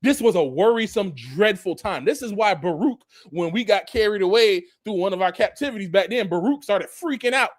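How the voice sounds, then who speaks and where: A man giving a casual scripture teaching, animated, often laughing and reading verses aloud. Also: high voice, a little fast, hardly any pauses, dry recording, studio quality. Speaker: preacher.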